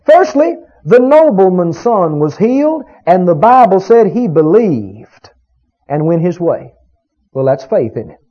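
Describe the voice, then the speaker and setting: A man's voice: high voice, very animated, measured pace, warm tone. A man preaching a sermon, emphatic and full of rhetorical questions to his congregation. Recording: dull lo-fi recording.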